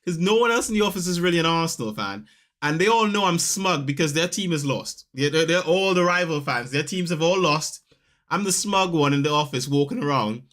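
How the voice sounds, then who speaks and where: A man, telling animated stories in a casual podcast chat and acting out the people he quotes. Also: on the high side, a little fast. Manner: animated storyteller, acts out quotes, laughs often. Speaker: podcast co-host.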